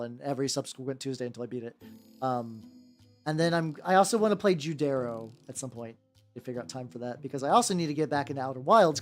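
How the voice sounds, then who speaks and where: A man streaming while painting miniatures, chatting casually and stumbling over words as he corrects himself. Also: on the high side. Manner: rambling, stumbling self-corrections. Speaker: VTuber streamer. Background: soft background music.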